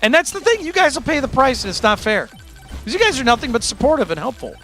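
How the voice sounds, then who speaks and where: A man's voice: extremely high pitch, sing-song, fast talker, bright, forceful tone. A man hosting his own music livestream, chatting candidly and self-deprecatingly with his audience in a rambling way. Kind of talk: casual chat to a live audience.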